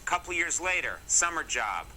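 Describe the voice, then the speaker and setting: A man's voice: a little high, very animated, moderate pace, bright, forceful tone, a little hiss or hum, low-quality recording. A middle-aged man from Massachusetts, hosting a comedy segment and telling stories to camera in a jokey, mock-serious way with wry asides. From Massachusetts, USA. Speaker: comedy show host. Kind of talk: comic talk to camera.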